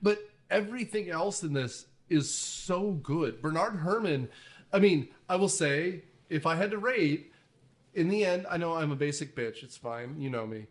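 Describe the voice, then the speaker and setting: Animated casual male podcast host. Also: a little high, moderate pace. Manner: animated, swearing, jokey asides. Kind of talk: casual movie discussion.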